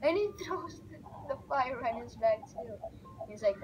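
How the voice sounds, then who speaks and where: Excitable woman gamer narrating gameplay; lively, unhurried delivery. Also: a little high, a little hiss or hum, rough recording. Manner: excitable, reacts loudly and narrates the on-screen action. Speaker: gaming video creator. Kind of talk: casual let's-play commentary.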